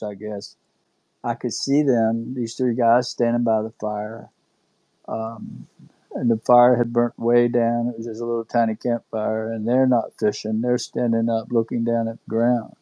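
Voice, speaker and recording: A middle-aged man with a drawl tells his story in an earnest, halting way, full of ums and restarts. His voice is mellow and dark, held in a narrow, level pitch. The sound is dry and close. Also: no echo. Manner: earnest, halting retelling with many fillers. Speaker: guest recounting an experience. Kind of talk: casual storytelling on a live audio chat.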